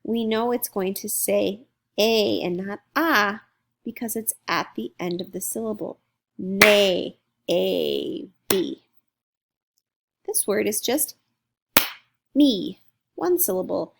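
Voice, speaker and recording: A woman teaching a phonics lesson to young children, speaking slowly and clearly as she sounds out letters and syllables. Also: mid-range voice, background noise.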